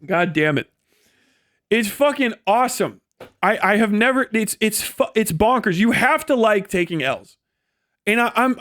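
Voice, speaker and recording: Ranting about politics on a livestream, a young man turns profane and derisive, mimicking others with sneering impressions. His voice is high-pitched and a bit bright, and it's captured in clean studio sound with no echo.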